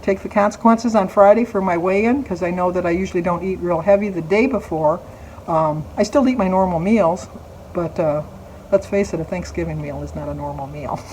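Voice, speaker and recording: A woman's voice: fairly low pitch, a little fast, dark tone, slight background noise, rough recording. A woman in her sixties chatting casually in a vlog, telling a family story, laughing often and acting out the lines of relatives. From United States. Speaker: vlogger.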